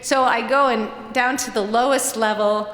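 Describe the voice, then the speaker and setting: A woman from Virginia telling a true personal story live on stage in a chatty, animated way, often quoting herself. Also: a little high, moderate pace. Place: stage in a large hall. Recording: echoey hall reverb.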